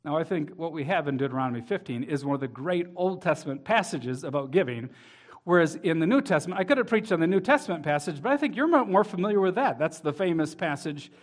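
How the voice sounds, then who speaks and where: A man with a high voice preaches a sermon. He reads passages of scripture aloud and presses his points home with building emphasis. At times he turns to speak to the children in the congregation. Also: expressive, fast talker. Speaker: pastor.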